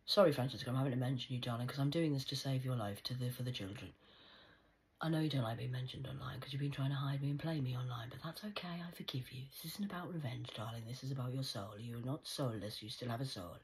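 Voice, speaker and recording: A woman rambling in a monologue to camera, slipping between hushed whispers and sudden loud outbursts, swearing and speaking in a conspiratorial tone. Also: rumbling low, quick pace, slightly rough, poor audio. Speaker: vlogger.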